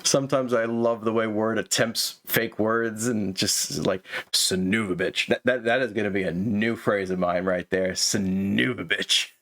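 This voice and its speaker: A man's voice: fairly low pitch, steady tone, normal speed, hardly any pauses, fairly bright tone. Stammering man critiquing writing. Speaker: host reviewing a manuscript. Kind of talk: casual commentary.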